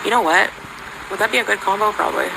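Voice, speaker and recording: A woman chatting casually in a rambling, halting way, full of fillers and restarts. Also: medium pitch, creaky. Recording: loud background noise.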